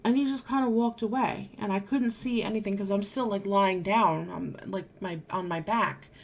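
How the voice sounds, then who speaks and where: A woman's voice: mid-range voice, normal speed, vocal fry. A married woman vlogger telling a personal story to camera in an emphatic, exasperated way, now and then swearing. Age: adult, married.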